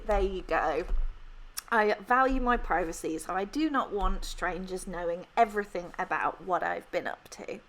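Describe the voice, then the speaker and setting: Young Brummie woman, casual vlog Q&A, giggly and self-deprecating, mid-pitched. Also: measured pace, fairly bright tone, rough recording. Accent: Birmingham (Brummie). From Birmingham, England. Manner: chatty, self-deprecating, laughs often. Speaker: planner vlogger answering questions. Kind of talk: casual Q&A chat.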